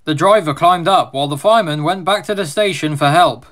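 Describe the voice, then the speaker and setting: A man reading a children's storybook aloud as narrator, in a steady, expressive manner. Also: on the high side, brisk.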